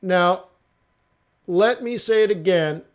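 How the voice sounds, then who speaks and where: A man hosting a casual forex trading live stream, talking through charts in a joking, animated way. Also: high-pitched, slow pace, smooth. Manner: chatty, joking, animated asides with mock voices.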